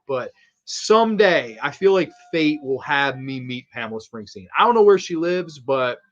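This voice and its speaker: A man hosting a casual fan commentary on a movie, excitable and crude, laughing often. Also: fairly high pitch. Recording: slightly dull lo-fi audio.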